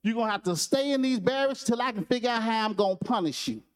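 A man's voice: high voice, expressive, moderate pace. A man voicing a blustering middle-aged male Marine sergeant who scolds and barks orders. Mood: scolding. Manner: fussing, scolding, barking orders.

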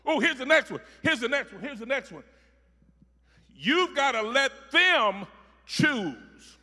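A man preaching a sermon, repeating phrases rhythmically and building from soft talk to shouting. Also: very high voice, sing-song, takes it slowly, big-room sound.

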